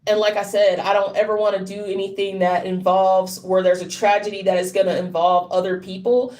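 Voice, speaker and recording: A woman in deep distress, speaking bluntly and profanely in an unscripted monologue to camera, often stopping to repeat herself. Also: flat delivery, a little fast, darkish tone. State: deeply distressed. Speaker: vlogger.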